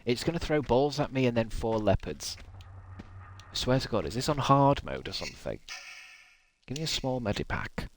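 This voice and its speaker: A man's voice: mid-range voice, very animated, normal speed, a little hiss or hum. A man chatting casually while streaming a game, swearing freely and laughing often. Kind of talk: casual gaming stream chat.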